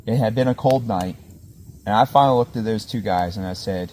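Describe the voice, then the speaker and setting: A man's voice: lowish voice, fairly quick, a little mellow, a little hiss or hum. A man hosting a podcast, telling a rambling campfire story with lots of fillers and chuckles, outdoors at a winter camp. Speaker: podcast host. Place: outdoors at a winter campsite by a fire.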